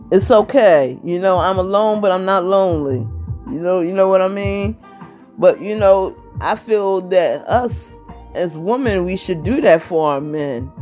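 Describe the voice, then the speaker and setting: A woman's voice: mid-range voice, a little mellow. Woman, 50s, vlogger; chatty, rambling monologue; faint music under it. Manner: chatty, rambling, constantly asks "you know what I mean". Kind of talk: casual vlog monologue.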